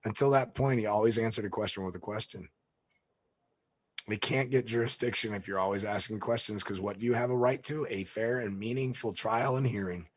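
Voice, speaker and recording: A man speaking in an emphatic, lecturing way, stating his points flatly as a guest in a conversation. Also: fairly low pitch, brisk. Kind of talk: conversational interview.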